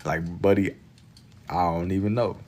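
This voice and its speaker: A young man with a very low voice talks loosely to his chat while he draws, slangy and relaxed. He streams from a home setup with casual banter. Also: moderate pace. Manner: laid-back slangy banter with chat, frequent laughs. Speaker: livestream artist.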